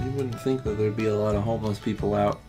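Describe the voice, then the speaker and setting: A young adult man co-hosting a podcast, telling a story in an animated, laughing way and swearing freely. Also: lowish voice, fast talker, over music. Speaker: podcast co-host. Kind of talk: casual storytelling chat. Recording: echoey room.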